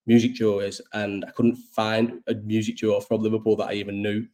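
Brief: male live chat host, lowish mellow voice, loose rambling delivery, sick with a cough, swears a lot. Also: level tone, brisk. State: ill, coughing. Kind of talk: casual livestream chat.

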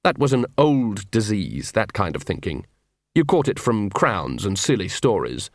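A man's voice: fairly low pitch, sing-song, measured pace, dry recording. A man narrating a comic fantasy audiobook in a dry storytelling manner. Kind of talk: scripted narration.

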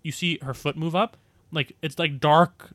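A man's voice: a little high, steady tone, a little slow, a bit bright, no echo, studio quality. A man co-hosting a casual podcast, rambling with lots of fillers. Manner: rambling, heavy use of "like". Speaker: podcast co-host. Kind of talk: casual chat.

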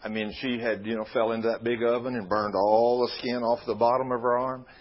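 Husky guy hosting a christian talk show, folksy, keeps saying praise the lord, muffled audio. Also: medium pitch, flat delivery, a little fast. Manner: folksy, exclaims praise often.

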